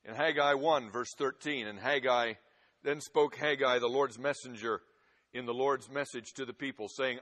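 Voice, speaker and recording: A man preaching a sermon, swinging from loud, forceful emphasis to hushed, quiet passages. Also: mid-range voice, moderate pace. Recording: long hall reverb.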